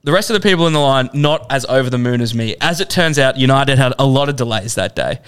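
A man's voice: medium pitch, fast talker, smooth. A man co-hosting a podcast, telling a funny story with lots of laughter and swearing. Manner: animated, laughs through his stories, swears freely. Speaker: podcast co-host. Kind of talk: comic storytelling.

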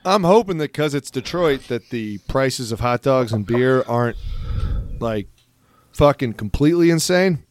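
A man co-hosting a podcast in casual, crude banter, laughing often and swearing freely. His voice is close to the mic. He sounds medium-pitched and natural in a dry, close recording. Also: lively intonation, moderate pace, no echo. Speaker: podcast co-host.

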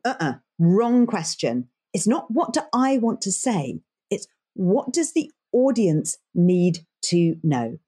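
A woman voice coach giving emphatic, animated advice as a guest in a podcast interview. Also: mid-range voice, slightly rough. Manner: animated and emphatic, stresses key words.

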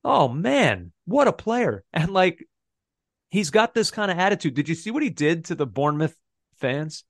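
Guy cohosting a soccer pod, kinda high voice, excited, laughs a lot. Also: moderate pace, dry recording, clean studio sound. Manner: enthusiastic, laughs often. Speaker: podcast co-host. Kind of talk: casual football chat.

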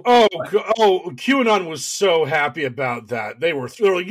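In casual political banter on a podcast, a male co-host rants with sarcasm, his fairly high voice swinging widely in pitch at a moderate pace. He stumbles through plenty of fillers and restarts. The recording is dry.

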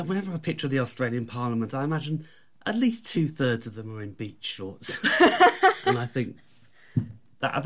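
A man chatting casually on a podcast, rambling with halting restarts. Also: mid-range voice. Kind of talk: casual chat.

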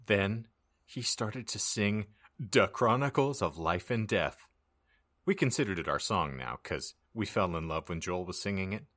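A sarcastic, theatrical man co-hosting a comedy podcast. His low voice sounds bright and crisp, and it rises and falls with lively, mock-dramatic swings. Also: a little slow. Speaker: podcast co-host.

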